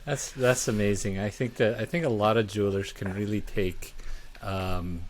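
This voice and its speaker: A man co-hosting a casual interview, talking in halting stops and restarts. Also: on the low side, steady tone, very noisy. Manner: halting, many restarts and fillers. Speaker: news anchor, co-host. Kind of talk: casual chat.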